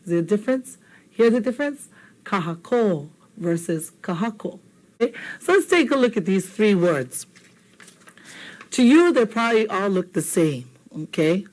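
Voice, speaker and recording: A woman with a Hawaiian accent teaching a televised language lesson, patient and playful, saying words slowly and checking in with "okay?". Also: medium pitch, big pitch swings, darkish tone, low-quality recording.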